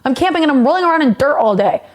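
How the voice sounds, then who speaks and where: A woman's voice: sits high, animated, racing. A woman streamer telling a rambling story in a casual, profane way, often laughing.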